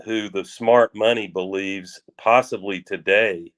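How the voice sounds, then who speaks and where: Lower-voiced man in rambling sports talk. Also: steady tone, a bit bright. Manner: rambling, folksy, drawn-out phrases with restarts. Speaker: sports radio co-host.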